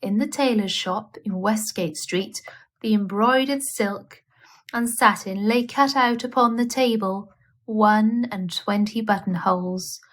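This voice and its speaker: A woman reading a children's bedtime story aloud in a gentle, expressive manner. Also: medium pitch.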